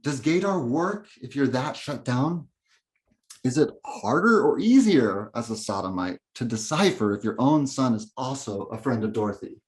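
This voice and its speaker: A man's voice: mid-range voice, lively intonation, moderate pace. Bitter sardonic man in monologue. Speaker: narrator and main character. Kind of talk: dramatic inner monologue.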